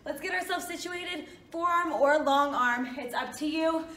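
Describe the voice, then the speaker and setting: A woman's high, slightly bright voice gives workout instruction at an unhurried pace while she coaches breathlessly. She encourages and cues form, recorded in an echoey room from a distant mic.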